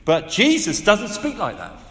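Male preacher, 50s, lively delivery, roomy church reverb. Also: high voice, unhurried, creaky. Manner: animated, conversational, with asides and rhetorical questions. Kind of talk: sermon. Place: large church hall. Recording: echoey hall with long reverb.

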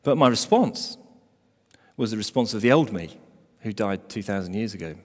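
A man preaching a sermon as pastor, emphatic, building to loud stressed phrases. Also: lowish voice, lively intonation, moderate pace. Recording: long hall reverb.

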